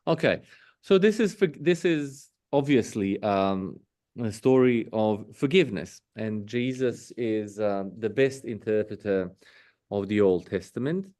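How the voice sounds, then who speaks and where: A man with a non-native English accent leading a parish Bible study, reading scripture aloud, with many pauses, fillers and self-corrections. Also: on the low side, darkish tone. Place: parish meeting room.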